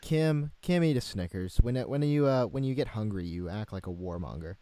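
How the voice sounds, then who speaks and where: A man's voice: lowish voice, expressive, fairly quick, dark tone, no echo. A young man hosting a casual talk show, rambling and joking with lots of fillers and restarts. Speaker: show host. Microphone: new home microphone.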